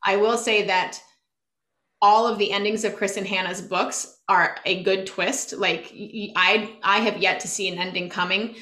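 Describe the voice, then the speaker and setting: A young woman co-hosting a podcast, full of bright energy and quick laughter. She tells stories in an animated, chatty way. The room is echoey. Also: mid-range voice. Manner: animated storytelling, laughs often. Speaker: podcast co-host. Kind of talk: casual chat.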